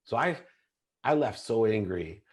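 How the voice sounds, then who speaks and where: A middle-aged man speaks as a podcast guest, his voice sitting a little low. He tells a personal story in a confessional, intense way. He often breaks off and restarts his sentences as he goes. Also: expressive, unhurried, breathy edge.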